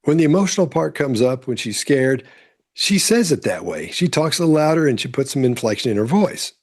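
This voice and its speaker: A man's voice: medium pitch, very animated, a little fast, a little mellow, breathy edge. A man commenting on courtroom testimony as a body language analyst, explaining in an instructive way. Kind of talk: commentary over courtroom clips.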